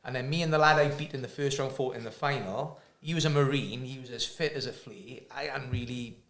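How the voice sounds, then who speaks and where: Fast earnest male coach, echoey room. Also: medium pitch, fairly bright tone. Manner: earnest, emphatic, repeats himself. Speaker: fight coach. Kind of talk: casual chat. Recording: echoey room, faint noise.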